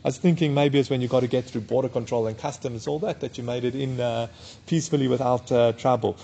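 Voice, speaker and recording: A man giving a daf yomi Talmud class, reading the Aramaic text and explaining it in English in a casual, unhurried way. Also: medium pitch, steady tone, creaky, dark tone, breathy edge. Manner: casual and unhurried, with many fillers. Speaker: Talmud teacher.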